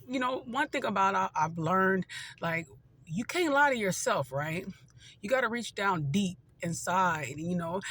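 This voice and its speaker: A fifty-year-old vlogger talks straight to the camera in a casual, heartfelt way. The speech wanders and circles back, filled with "you know" and restarts. It is earnest encouragement rooted in faith, delivered as plain everyday talk at a middle pitch. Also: a bit bright. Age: turning 50. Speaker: vlogger and motivational speaker.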